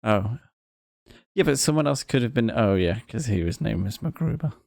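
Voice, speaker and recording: A man co-hosting a podcast in casual chat, answering with dry, teasing replies and quick guesses. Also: mid-range voice, expressive, vocal fry, a little mellow, no room sound. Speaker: podcast co-host.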